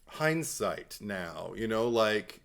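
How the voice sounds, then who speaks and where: Guy co-hosting a podcast, bright voice, laughs a lot, keeps restarting sentences. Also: fairly low pitch, gravelly. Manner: animated, laughs often, halting restarts. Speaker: podcast co-host. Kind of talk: casual chat.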